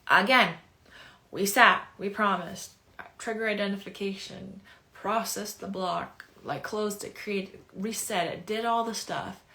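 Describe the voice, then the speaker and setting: A woman coach telling stories about her clients in a casual way, animated and full of "like" fillers, often acting out what the clients said. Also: mid-range voice, measured pace, vocal fry. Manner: animated, acts out clients' words, many "like" fillers. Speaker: anxiety and trigger coach. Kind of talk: casual storytelling to camera.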